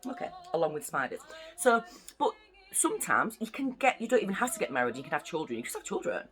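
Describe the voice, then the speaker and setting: A young woman from the UK reads a children's bedtime story in a chatty, playful way, breaking off for asides to her young listeners. Her delivery is very animated, with wide swings in pitch. Faint music plays softly behind her. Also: quick pace. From United Kingdom.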